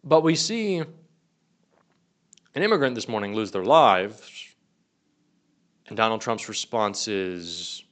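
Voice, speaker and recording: A man's voice: on the low side, animated, slow pace, pauses often, a bit bright. A young man delivering an angry, profane political commentary rant. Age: young adult.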